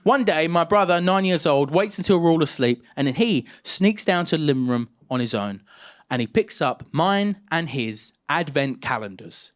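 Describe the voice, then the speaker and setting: Young stand-up guy, bit high voice, jumps around a lot in pitch, self-mocking stories. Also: normal speed. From England, Essex. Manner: animated, self-mocking storytelling. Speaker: stand-up comedian. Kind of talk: stand-up comedy. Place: comedy stage before an audience.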